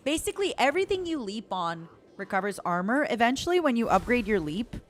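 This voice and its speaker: A woman's voice: fairly high pitch, very animated, brisk, slight background noise. A woman streamer giving playful, casual commentary as she plays a game, calling her viewers honey and darling.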